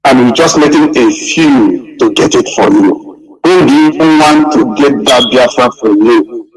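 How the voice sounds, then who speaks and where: A man's voice: medium pitch, a little slow, husky, far from the mic, soft background music, low-quality recording. A man giving an impassioned speech, pleading and repeating his calls to his listeners. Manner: pleading, repetitive exhortation. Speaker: guest speaker.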